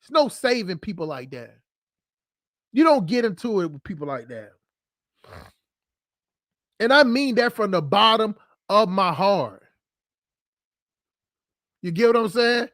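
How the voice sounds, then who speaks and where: Blunt, high-voiced man ranting on stream. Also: very animated, fairly bright tone, no room sound, clean studio sound. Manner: blunt, profane, fast-talking, jumps between subjects. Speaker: livestream host. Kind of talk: unscripted livestream rant.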